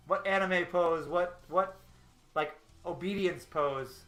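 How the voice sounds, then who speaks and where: A man's voice: high-pitched, takes it slowly, fairly bright tone. A man casually chatting on a live stream while working, rambling and laughing often. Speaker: artist hosting a storyboarding stream. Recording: echoey room with faint music.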